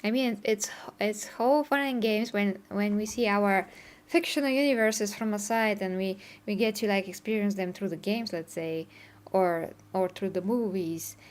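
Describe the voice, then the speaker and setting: A woman's voice: medium pitch, normal speed. A woman, chatting casually on a live stream, laughing often and answering her chat. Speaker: streamer reacting to game trailers. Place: home streaming setup in Bulgaria.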